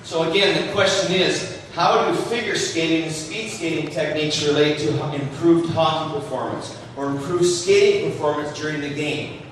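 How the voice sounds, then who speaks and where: A man's voice: a little high, moderate pace, few pauses, slight background noise. Man lecturing in an echoey hall. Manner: animated, jokey, demonstrating moves. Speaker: hockey skating instructor. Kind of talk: lecture to a live audience. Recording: echoey hall, distant mic.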